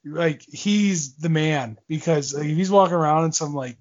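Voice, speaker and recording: A man's voice: on the high side, moderate pace, darkish tone, muffled recording. Rambling, laughing man telling tales. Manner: rambling, laughing, lots of fillers and restarts. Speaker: guest, former pro hockey player. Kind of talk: storytelling in a casual interview.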